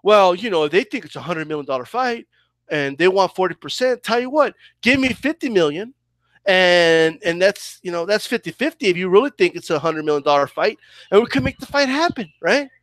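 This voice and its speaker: A man's voice: sits high, lively intonation, fairly quick, a bit bright, no echo. Man doing a smug British boxer. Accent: British, put on. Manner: mocking impression. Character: smug British heavyweight boxer trying to sound clever.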